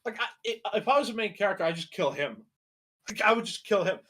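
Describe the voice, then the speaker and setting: High and lively in intonation, fairly bright in tone, the young co-host talks fast. His reaction commentary is casual and rambling, dotted with profanity and filler words.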